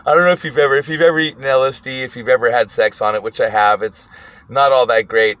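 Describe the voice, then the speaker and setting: A man casually telling a wild story, animated and profane, often breaking into laughter. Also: medium pitch, fast talker.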